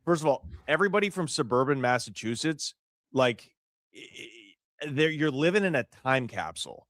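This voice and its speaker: A man's voice: medium pitch, big pitch swings, normal speed, fairly bright tone, no room sound, clean studio sound. A man co-hosting a comedic podcast, ranting in an exaggerated, mocking way. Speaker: podcast co-host.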